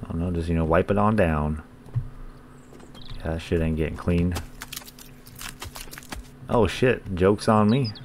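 Man, gaming channel host, let's-play commentary, deep voice, profane, joking. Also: unhurried, pauses often, darkish tone, a little hiss or hum. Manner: profane, joking, talks to game characters.

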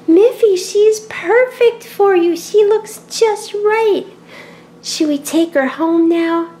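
A woman's voice: extremely high pitch, extremely slow, warm tone, slight background noise, voice pushed up, heavily acted. A woman voicing a sweet, encouraging young girl in a toy play-acting video, reassuring and polite.

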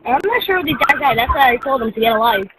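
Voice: high-pitched, expressive, rapid-fire. Taunting gamer on noisy voice chat. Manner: taunting, dismissive. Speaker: online gamer. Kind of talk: voice chat banter.

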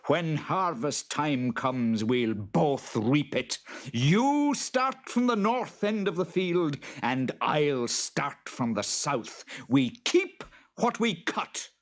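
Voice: very animated, slow. Shrieking hairy boggart. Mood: bargaining. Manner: shrieking, high and strained. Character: huge hairy male boggart, furious and scheming. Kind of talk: storybook reading.

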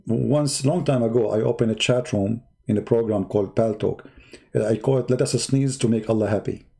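A man hosting a live-stream debate, talking in a sarcastic, mocking, drawn-out way. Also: medium pitch, creaky, mellow, breathy edge.

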